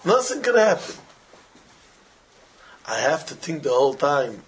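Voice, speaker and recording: A man teaching an informal religious class, telling animated everyday stories in simple, broken English with Hebrew and Yiddish terms mixed in. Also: a little high, measured pace, pauses often. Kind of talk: informal Torah talk with stories.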